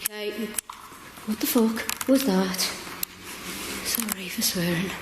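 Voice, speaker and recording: Hushed, jumpy woman in an echoey hall. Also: medium pitch, fairly even intonation, slow pace. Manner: hushed, jumpy, swears under her breath. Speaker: paranormal investigator. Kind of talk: lone night vigil on camera. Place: large empty disused bingo hall at night. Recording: echoey hall with loud background noise.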